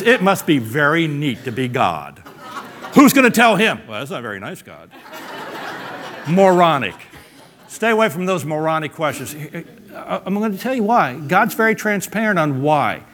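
This is a man delivering a sermon with a bouncy, joking touch. His voice sits slightly high for a man and swings widely up and down. He leans hard on key words and slips into quick acted-out asides. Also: a bit bright. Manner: playful, emphatic, jokes and acts out quotes. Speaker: preacher.

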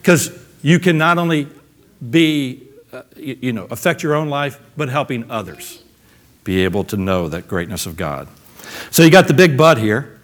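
A man's voice: mid-range voice, lively intonation, normal speed. A man preaching a sermon in a playful, emphatic way, cracking jokes and acting out little quotes as he goes.

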